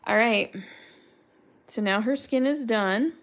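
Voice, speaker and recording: A woman with a gravelly, creaky voice chats in a slow, unhurried way while she colors. She rambles from one thing to the next and greets her viewers by name. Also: on the high side. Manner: chatty and rambling, talks to chat viewers by name. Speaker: crafter coloring live with viewers.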